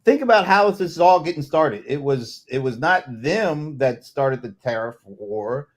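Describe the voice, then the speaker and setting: A man on a casual chat panel, talking in an animated, playful way. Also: on the high side, a little slow. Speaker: guest panelist.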